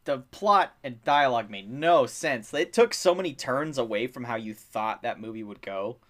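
A young man chatting casually as a podcast co-host, rambling with lots of fillers, getting excited and swearing freely. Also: mid-range voice, normal speed. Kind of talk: casual chat.

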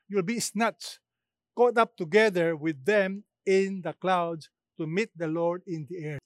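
High-voiced emphatic male preacher. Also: dry recording, clean studio sound. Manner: emphatic, asks the listeners rhetorical questions. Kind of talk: sermon.

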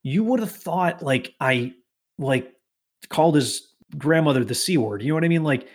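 Animated profane storytelling man. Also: fairly high pitch, normal speed. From Massachusetts. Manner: animated, profane, quotes people in put-on voices. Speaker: podcast host telling a work story. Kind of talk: casual storytelling chat.

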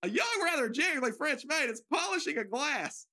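A woman's voice: high-pitched, big pitch swings, moderate pace, bright, forceful tone. A nervous woman narrating stage directions for an amateur radio drama, giggling and making joking asides.

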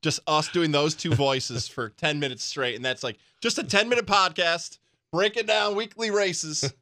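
A man's voice: a little high, normal speed, pushed and bright, no room sound, clean studio sound. A man co-hosting a sports radio show, bantering playfully. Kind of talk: casual sports talk.

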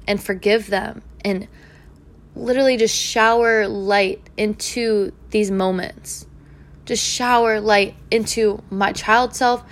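A woman speaking in an earnest, reflective monologue about healing, repeating gentle affirmations. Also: mid-range voice. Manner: soft, earnest, repetitive affirmations. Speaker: spiritual speaker.

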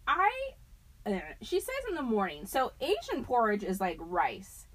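A woman's voice: mid-range voice, huge pitch swings, unhurried, a bit bright, breathy edge, low-quality recording. A young woman co-hosting a podcast, chatting casually, laughing often and swearing freely. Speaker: podcast co-host. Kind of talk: casual chat.

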